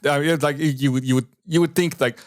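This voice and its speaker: This man's voice is a little high and fairly even in intonation, moving at a quick pace as he hosts a podcast. He casually explains events and reads findings, and the audio is dry and studio quality.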